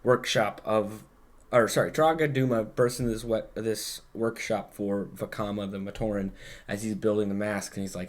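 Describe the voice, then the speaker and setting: A man's voice: on the low side, fairly even intonation, moderate pace. A man hosting a podcast, recapping in casual chat and rambling, with plenty of filler words and swearing. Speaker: podcast host.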